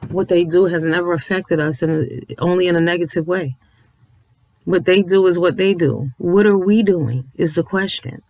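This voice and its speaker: A man's voice: sits high, normal speed, darkish tone, no room sound, rough recording. A man ranting to viewers from home late at night, emphatic and preachy, cursing and repeating himself for effect. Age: adult with a child. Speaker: commentary vlogger.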